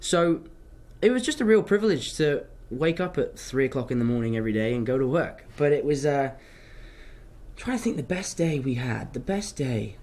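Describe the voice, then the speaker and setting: A man's voice: mid-range voice, very animated, normal speed, darkish tone. A young man, an actor casually answering fan questions and rambling off topic. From London, England. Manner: rambling, chatty storytelling, drifts off topic. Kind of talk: casual livestream Q&A.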